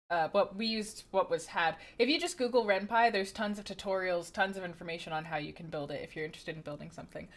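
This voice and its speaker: A woman's voice: medium pitch, fairly bright tone. A woman livestreamer chatting casually and greeting her viewers by name, giggling often.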